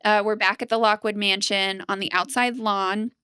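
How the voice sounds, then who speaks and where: Bright, crisp-voiced woman podcast co-host. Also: mid-range voice, normal speed, no room sound, clean studio sound. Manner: animated storytelling with frequent "like". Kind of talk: casual recap chat.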